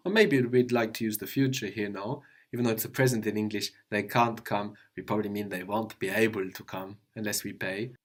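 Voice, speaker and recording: A man teaching a language lesson, patiently explaining step by step and asking his student questions. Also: on the low side.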